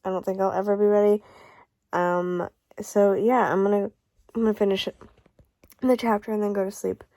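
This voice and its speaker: Young woman, book vlogger, casual diary talk, rambly and gushing, mid pitch, dry sound. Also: flat delivery, normal speed, mellow, dry recording. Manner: rambling and gushing, with many fillers and restarts.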